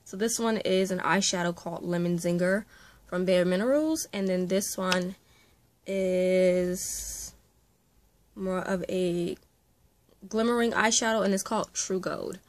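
A young woman, a makeup artist, chatting through a casual unboxing vlog, gushing and often dropping into breathy whispered exclamations. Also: lowish voice, a little slow.

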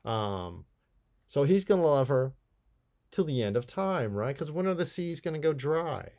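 A man's voice: fairly high pitch, very animated, measured pace, a little mellow. A man, a college English teacher, giving a recorded video lecture in a conversational, playful way, with asides while he explains poems.

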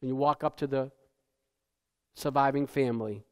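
A male pastor preaching a sermon in a conversational style, often asking "right?" and dropping to a hush for solemn points. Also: medium pitch, fairly even intonation, normal speed, smooth. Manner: tag questions, repeats words. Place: church sanctuary. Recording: church hall with long reverb.

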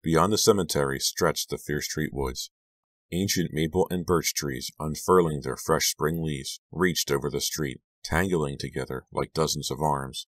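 Man, audiobook narrator, very low voice, dry close sound, hushed storytelling. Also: dry recording. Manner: measured, hushed storytelling, lifting for dialogue. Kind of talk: scripted narration.

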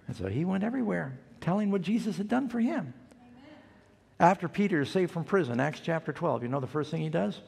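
A man's voice: high voice, sing-song, brisk, gravelly, darkish tone, husky, big-room sound. An older man preaching a sermon as pastor, telling a story and acting out the quoted voices.

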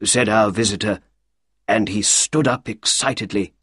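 A man reading a story aloud as an audiobook, in the first person, with a slow, clear delivery. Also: on the low side, a bit bright, no room sound, studio quality. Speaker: audiobook reader.

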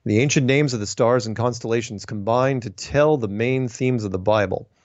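A man talks casually as a host working through viewer mail, opinionated and rambling, often restarting his sentences. His mid-pitched voice is recorded dry and close. The sound is dull and lo-fi. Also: no room sound. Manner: chatty, opinionated ranting with frequent restarts. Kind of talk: casual monologue, reading emails aloud.

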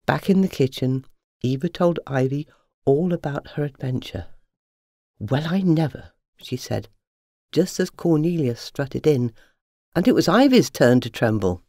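Lively storyteller reading a children's tale. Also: medium pitch, measured pace, no echo, clean studio sound. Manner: lively, expressive storybook narration.

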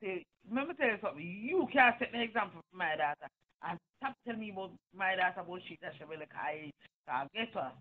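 A woman with a Jamaican accent, ranting and taunting someone in a loud, mocking sing-song patois. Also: medium pitch, big pitch swings, fairly quick. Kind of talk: heated patois rant. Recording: tinny phone-like audio.

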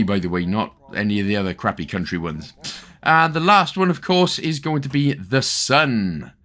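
A man's voice: mid-range voice, a bit bright. A young man with a Welsh accent talking through a game guide, chatty and joking with lots of asides. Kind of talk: casual gameplay commentary.

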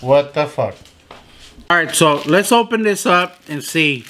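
A young man reviewing sandwiches in a casual food vlog, swearing freely and complaining loudly in disbelief about small portions. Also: a little high, a little slow. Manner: profane, animated, incredulous complaining.

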